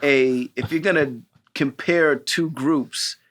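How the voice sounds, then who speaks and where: A man co-hosting a podcast in casual chat, playful and quick to laugh, often quoting himself. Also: on the high side, fairly bright tone. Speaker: podcast co-host.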